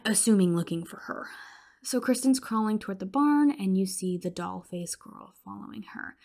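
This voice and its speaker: A young woman hosts a podcast and talks through a horror film scene by scene. Her delivery is loose and conversational, packed with fillers and the occasional curse word, and she slips into hushed whispers when the tension builds. Her voice sits at a middling pitch. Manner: chatty, swears, many fillers like "like"; drops into whispers for tense moments. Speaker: podcast host. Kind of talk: casual film recap.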